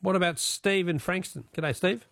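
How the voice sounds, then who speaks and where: An Australian man hosts a radio quiz show, chatting with callers and reading out their names and answers. His voice sits a little high with a gravelly edge. The studio sound is dry and close, with no room echo. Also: normal speed, fairly bright tone.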